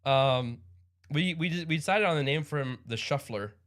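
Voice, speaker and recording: A man's voice: on the high side, animated, moderate pace, a bit bright. Upbeat rambling male stream host. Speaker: livestream host. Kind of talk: casual chat.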